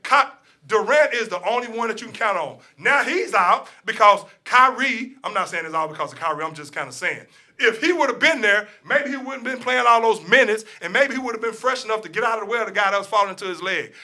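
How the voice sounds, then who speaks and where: Fired-up high-voiced sports host. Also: male voice, lively intonation, brisk, pushed and bright. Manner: opinionated, ranting, profane, repeats himself. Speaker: sports talk show co-host. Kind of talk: heated casual sports talk.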